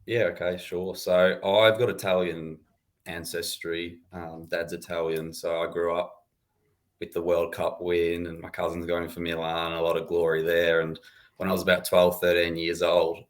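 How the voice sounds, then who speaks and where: A young Australian man talks easily and chattily as a podcast guest. His voice sits low and hardly rises or falls, keeping an even, laid-back line. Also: normal speed. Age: 20s. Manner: relaxed, chatty, laughs easily. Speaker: guest, supporters' club founder. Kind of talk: casual podcast interview.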